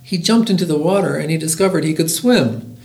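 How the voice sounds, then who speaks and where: A middle-aged man hosting a library podcast, reading a picture book aloud with lively voiced characters. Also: a little high, a little fast, creaky, roomy sound.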